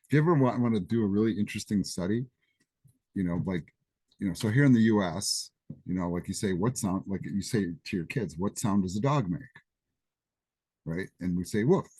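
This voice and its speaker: A man from Greece teaches programming in a live session with a coding demo, speaking in a chatty, casual way with asides from a classroom or office. His husky voice is on the low side and darkish in tone, a little fast, with no room sound.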